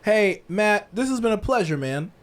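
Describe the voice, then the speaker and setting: A man's voice: high voice, lively intonation, normal speed. Playful guy cohosting, laughs a lot, voice jumps all over. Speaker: podcast co-host. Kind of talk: casual chat.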